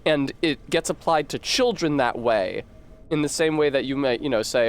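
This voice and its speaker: A man's voice: medium pitch, moderate pace, smooth. A man streaming a game, rambling to chat and reading word origins aloud with casual swearing.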